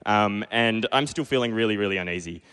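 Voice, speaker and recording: A man's voice: lowish voice, brisk, fairly bright tone, smooth, in a large hall. A young man in his twenties from Perth with an Australian accent, telling a self-deprecating true story live on stage and acting out his own past lines. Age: 20s. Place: small pub stage.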